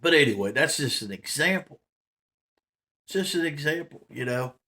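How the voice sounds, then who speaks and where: Casting: man, somewhat high voice, loose rambling vlog monologue. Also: animated, moderate pace, pushed and bright. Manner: rambling, many fillers and laughs. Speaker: vlogger. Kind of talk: casual storytelling monologue.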